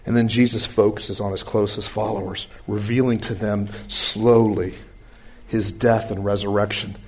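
A man giving a conversational sermon-style Bible lesson, folksy and animated, who swings between brisk asides and slow, quiet emphasis. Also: lowish voice, slightly rough. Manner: folksy, animated, uses homespun comparisons. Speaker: Bible teacher.

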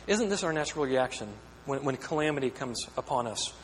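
A man's voice: mid-range voice, animated, a little fast. A pastor preaching a sermon, earnest and questioning, often repeating words as he builds a point. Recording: echoey hall with long reverb, faint hum.

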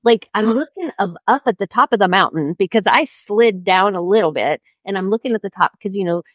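Lively, laughing woman podcast co-host. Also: mid-range voice, fairly quick, dry recording. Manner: animated, laughing often, with self-interruptions. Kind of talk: casual storytelling.

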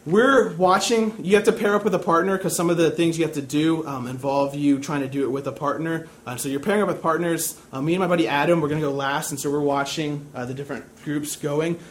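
A man's voice: fairly high pitch, a little hiss or hum. A young man preaching a sermon, telling a personal story in a casual, self-deprecating way.

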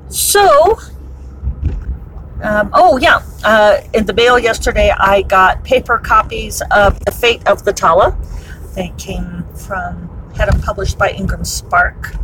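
A woman's voice: mid-range voice, background noise. Chatty woman talking while driving. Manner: chatty, wry, laughing asides. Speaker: author podcaster. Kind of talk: casual commute vlog. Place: in a car, driving.

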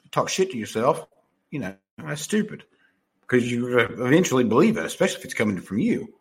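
Husky profane man rambling through a story. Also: mid-range voice, fairly bright tone. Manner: profane, rambling, lots of fillers and restarts. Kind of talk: casual storytelling monologue.

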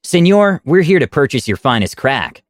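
A man's voice: a little high, very animated, normal speed, dry recording, studio quality. A man hamming up a fake Spanish-accented gangster. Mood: hammy. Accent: mock Spanish. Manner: over-the-top, mock-serious.

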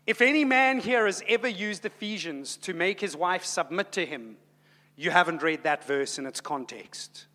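Bright-voiced male preacher in reverberant hall. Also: sits high, normal speed. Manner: dynamic preaching, swings from soft to loud. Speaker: pastor. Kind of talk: sermon.

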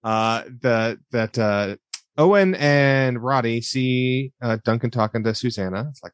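A man's voice: medium pitch, a little slow, smooth, no echo, clean studio sound. A man co-hosting a casual movie podcast, walking through scenes and acting out quoted lines. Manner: recaps scenes with quoted asides. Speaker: podcast co-host.

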